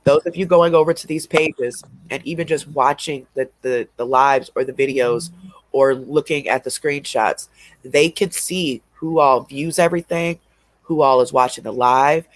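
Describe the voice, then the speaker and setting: This casual livestream host has a medium-pitched, steady voice at normal speed. He's stuffy and sniffling with allergies, rambling and drawling along with laughs between his comments.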